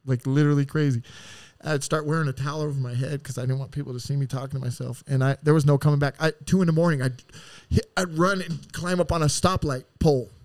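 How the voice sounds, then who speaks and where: A man's voice: fairly high pitch, quick pace, few pauses, dry recording. A man, a podcast guest, telling his life story in blunt, profane language and acting out the voices of the people in it. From San Diego area. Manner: blunt, profane, animated retelling with quoted voices. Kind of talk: candid storytelling.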